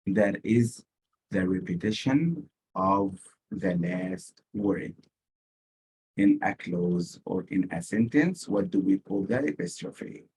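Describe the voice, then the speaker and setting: A man with an Arabic accent teaches an SAT lesson in a slow, unhurried way. His voice sits on the low side and sounds husky. He often repeats the key word several times to make it stick. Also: lively intonation, a little mellow, low-quality recording. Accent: Arabic-speaking. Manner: explains slowly, repeats key words for emphasis. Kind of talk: recorded lecture.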